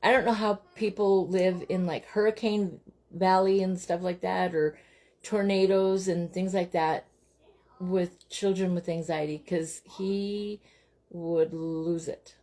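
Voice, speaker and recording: A woman's voice: lowish voice, steady tone, slow pace, darkish tone. Chatty woman hosting a home craft stream. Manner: chatty, talks straight to viewers, breaks off to tell her children what to do. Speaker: host of a live crafting stream. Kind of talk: casual chat while crafting.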